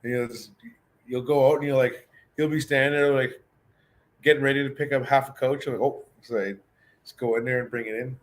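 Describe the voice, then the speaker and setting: Talking fairly quickly at medium pitch, a man leads a relaxed beginner language lesson. He chats casually, thinks out loud, and keeps starting his sentences over.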